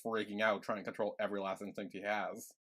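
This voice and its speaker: A man's voice: lowish voice, flat delivery, fast, a bit bright, husky. A young man co-hosting a podcast, retelling scenes from a series in a loose, filler-heavy way. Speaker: podcast co-host. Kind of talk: casual recap chat.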